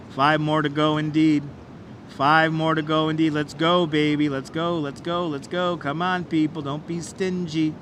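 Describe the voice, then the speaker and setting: A man's voice: fairly high pitch, flat delivery, unhurried, fairly bright tone, a little hiss or hum. A man hosting a live walking tour, cheering viewers on like an auctioneer in a playful, repetitive patter. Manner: auctioneer-style hyping of like counts. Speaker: livestream host. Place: outdoors on a city bridge. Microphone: wireless clip-on mic.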